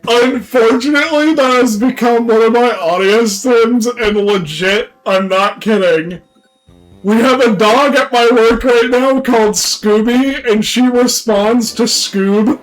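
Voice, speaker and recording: A man's voice: very high-pitched, unhurried, soft background music, low-quality recording. A young man streaming live, chatting casually, crude and laughing as he rambles. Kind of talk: casual livestream chat.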